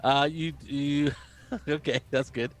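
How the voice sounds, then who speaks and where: A man running a tabletop role-playing game as game master, talking haltingly with many fillers. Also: on the high side, steady tone.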